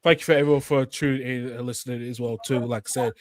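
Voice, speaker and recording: A man's voice: medium pitch, fairly even intonation, fast. Rambling man hosting a football podcast. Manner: rambling, keeps tacking on "as well". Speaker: podcast host. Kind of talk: casual football podcast chat.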